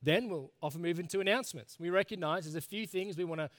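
A middle-aged man preaching a sermon in an earnest, conversational way, moving between soft, hushed lines and emphatic ones. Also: sits high, fast talker. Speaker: pastor.

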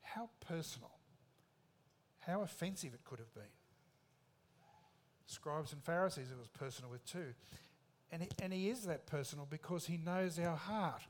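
A man's voice: on the high side, normal speed. A man preaching a sermon in an emphatic, conversational way, with rhetorical questions.

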